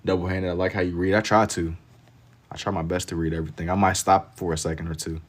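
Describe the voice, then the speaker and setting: A man's voice: deep voice, level tone, fast talker. A man chatting casually on a livestream while he draws, reading out viewer comments in a laid-back, slangy way and laughing easily. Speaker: livestreamer drawing on stream.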